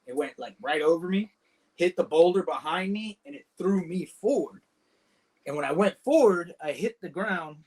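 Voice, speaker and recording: A man's voice: fairly high pitch, fairly bright tone. A man and combat veteran, a podcast guest casually telling a war story in vivid, profane detail, full of "dude" and "man".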